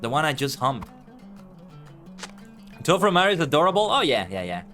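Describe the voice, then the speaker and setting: A man's voice: fairly high pitch, sing-song, moderate pace, fairly bright tone, faint music behind. A man streaming a game, chatting casually in a rambling way and tripping over his words. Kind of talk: casual gameplay commentary.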